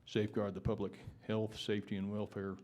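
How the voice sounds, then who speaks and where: A man with a Texan accent speaks in a lowish voice as he testifies before a town board. He stumbles and repeats words, then reads out ordinances in formal legal terms. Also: completely flat delivery, fairly quick, a little mellow. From Texas. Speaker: public commenter. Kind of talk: public testimony at a town meeting.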